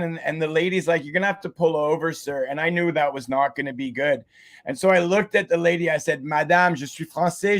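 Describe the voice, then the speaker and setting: A man's voice: on the high side, creaky. A man from Canada hosting a casual after-show chat, telling laid-back stories and laughing often. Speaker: show host. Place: home.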